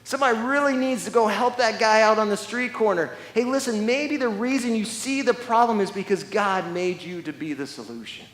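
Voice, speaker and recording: A man with a high voice preaches a sermon in a big, echoing church hall. He presses his points hard, doubling words and restarting phrases as he goes. A long reverb trails behind every line. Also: fairly quick, hardly any pauses, a bit bright. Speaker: pastor.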